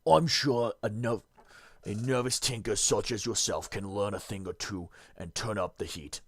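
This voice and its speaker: A man's voice: on the low side, normal speed, slightly rough, no room sound, clean studio sound. A man putting on a boastful metal master. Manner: put-on accent, smug and showy. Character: boastful four-armed male metal master.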